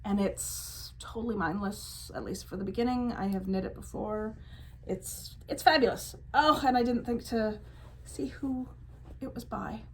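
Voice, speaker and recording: A woman's voice: fairly high pitch, unhurried, a little hiss or hum, rough recording. A woman co-hosting a knitting podcast, talking in a playful, rambling way. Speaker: podcast co-host. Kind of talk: casual chat.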